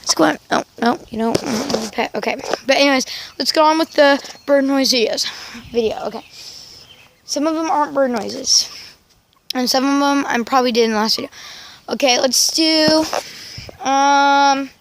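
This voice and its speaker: High-voiced chatty woman outdoors. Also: vocal fry, slight background noise. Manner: chatty, rambling, with ums and quick asides; coos at her pets and chickens in a high sing-song voice. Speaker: vlogger. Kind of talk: casual vlog chat. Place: outdoors in a sunny yard.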